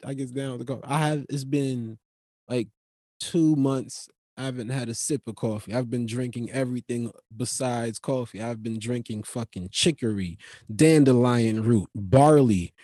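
A man's voice: medium pitch, no room sound, studio quality. Profane New man telling stories. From New York. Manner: profane, animated, rambling. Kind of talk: comic storytelling monologue.

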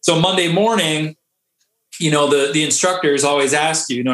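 Animated storytelling man, fairly high voice. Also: normal speed. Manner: animated, laughing, acts out quotes. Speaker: podcast guest, Navy diver. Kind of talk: casual storytelling. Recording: echoey room.

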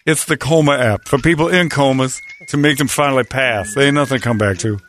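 A man hosting a sports radio show, his voice sitting at an ordinary middle pitch. He talks in a brash, teasing, trash-talking way, with loose joking banter throughout. Music plays clearly behind him. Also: a little fast, fairly bright tone.

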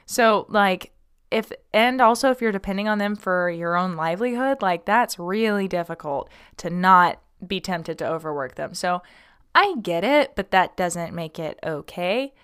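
A woman's voice: on the low side, animated, moderate pace, fairly bright tone, clean tone. A young woman hosting a casual podcast, reading out a listener's question and chatting about it with many ums and likes. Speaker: podcast host.

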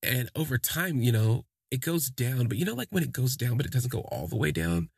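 A man tells a story in a loose, meandering way, leaning on "like" and "you know" as he goes. His voice is gravelly with a husky edge. The sound is dry and close. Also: mid-range voice, big pitch swings, a little fast, dry recording. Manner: rambling, full of "like" and "you know". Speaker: podcast storyteller. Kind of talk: casual first-person storytelling.

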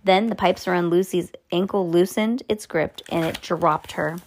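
A woman's voice: fairly low pitch, normal speed, slight background noise. Woman reading a storybook aloud. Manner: expressive, with casual asides and laughs. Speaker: reader. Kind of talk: reading a children's book aloud.

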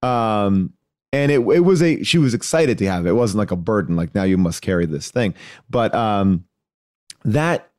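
A man telling a story as a podcast guest, animated and rambling, acting out voices as he goes. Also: fairly low pitch, no room sound, studio quality. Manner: animated, acts out voices in his anecdotes; loose and rambling, many fillers and restarts. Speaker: podcast guest, actor and comedian. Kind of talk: casual storytelling chat.

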